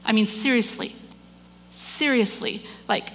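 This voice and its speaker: A woman giving a church message, telling a story with animated delivery and acting out the people in it. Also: on the high side, unhurried, long reverb tail. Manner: animated storyteller, acts out quoted voices, repeats words. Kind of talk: sermon storytelling.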